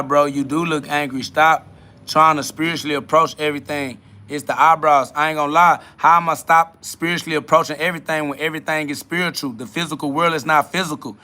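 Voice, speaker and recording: A man's voice: on the high side, pushed and bright. A man hosting a livestream, answering chat comments in a combative, dismissive way and swearing a lot. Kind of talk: profane spiritual livestream rant.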